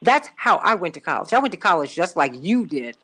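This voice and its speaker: A woman's voice: on the low side, sing-song, a little fast, bright, forceful tone. A middle-aged woman from Chicago hosting a call-in radio show, telling a personal story emphatically and repeating herself for stress. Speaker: radio talk show host.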